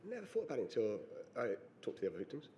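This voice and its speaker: A middle-aged man giving personal testimony on a panel, halting and reflective with pauses and fillers. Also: mid-range voice, wildly swooping pitch, dark tone, dull audio, a little hiss or hum. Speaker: panel witness.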